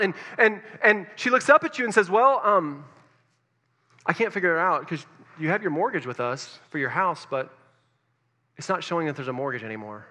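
Fast, bright-voiced preacher in a hall. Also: male voice, a little high, animated. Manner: storytelling, addresses listeners directly, swings between loud and hushed. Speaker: pastor. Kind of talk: sermon.

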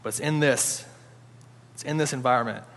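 A man's voice: medium pitch, normal speed. Man preaching in a reverberant hall. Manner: informal, animated, with frequent restarts. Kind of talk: conversational sermon.

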